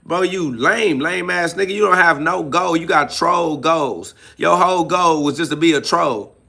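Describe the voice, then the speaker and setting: Gravelly man preaching a mocking rant. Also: on the high side, normal speed, bright, forceful tone. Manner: preachy, mocking, heavy slang. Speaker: podcast host. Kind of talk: ranting live self-talk podcast monologue.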